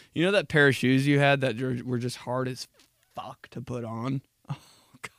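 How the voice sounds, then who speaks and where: This podcast host, a man in his twenties, has a mid-range, fairly bright voice with a steady tone and moderate pace, and the recording carries no room sound. His casual comedy monologue is profane, and he laughs at his own jokes and slips into mocking voices.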